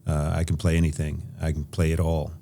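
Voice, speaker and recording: A man from Nebraska, a podcast guest, telling stories from his past in an animated way with an occasional laugh. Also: very deep voice, fairly quick, vocal fry. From Nebraska, USA. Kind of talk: casual interview storytelling.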